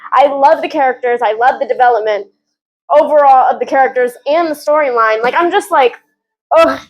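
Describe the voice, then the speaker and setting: A woman giving casual, excitable reading updates as a book vlogger, gushing and often giggling. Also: high voice, a little fast, rough recording.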